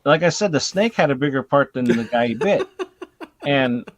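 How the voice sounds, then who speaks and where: A man's voice: mid-range voice, expressive, normal speed, no echo. A man hosting a casual movie chat, animatedly retelling scenes and swearing casually. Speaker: host. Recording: dull dry lo-fi recording.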